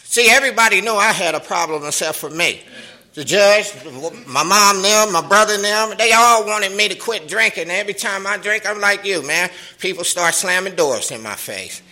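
A middle-aged man speaking African American Vernacular English, sharing his recovery story at a meeting in an animated, streetwise manner with profanity and laughter. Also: high-pitched, moderate pace, low-quality recording.

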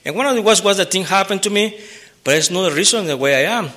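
A man giving an earnest personal testimony at a recovery meeting, halting, with repeated words and restarts. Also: high-pitched, expressive, sharp tone. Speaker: member sharing his recovery story.

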